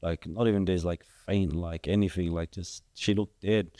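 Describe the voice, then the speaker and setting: A man's voice: deep voice, fairly even intonation, normal speed, mellow, no echo. A young man talking as a guest in a casual podcast conversation, rambling and filling his speech with "like". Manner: rambling, heavy use of "like" fillers. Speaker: guest, father of three.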